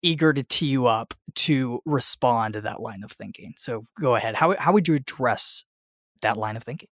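A man's voice: mid-range voice, moderate pace, a bit bright, dry recording, studio quality. Enthusiastic male podcast host. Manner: enthusiastic, affirming, asks leading questions. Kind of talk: podcast interview.

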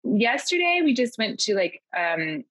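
A woman's voice: on the low side, animated, normal speed, a bit bright, no room sound, low-quality recording. A woman co-hosting a podcast from a house, chatting casually with a wry humor and frequent laughter. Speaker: podcast co-host. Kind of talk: casual comedic chat. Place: house in New Orleans.

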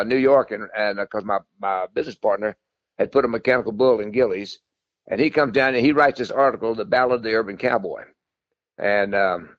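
An older man tells his stories at a fast clip, folksy and rambling, often circling back to repeat himself. The sound is dry and a little dull, with no room around it. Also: medium pitch, no echo. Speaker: guest, country singer. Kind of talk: storytelling interview.

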